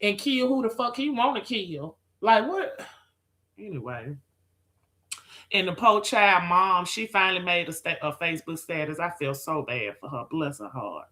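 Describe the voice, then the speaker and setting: A woman's voice: lowish voice, animated, normal speed, bright, forceful tone. A woman chatting with viewers on a live stream, sassy and profane, calling people girl, child and honey. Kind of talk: casual live-stream chat.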